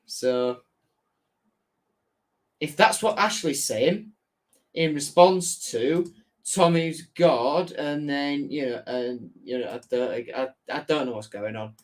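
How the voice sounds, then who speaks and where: Speaking slowly in a mid-range voice, a young man with a Hull, Yorkshire accent runs a laid-back football live stream. He chats, reads out the viewers' messages, and frequently corrects himself.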